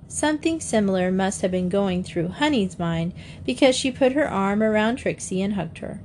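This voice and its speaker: A woman narrating a children's mystery audiobook in a measured, gentle storytelling voice. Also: mid-range voice, expressive, slight background noise.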